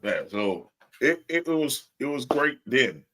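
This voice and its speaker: Bright-voiced laughing podcast host. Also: male voice, mid-range voice, a little slow. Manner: laughs often, animated storytelling. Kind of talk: casual wrestling chat.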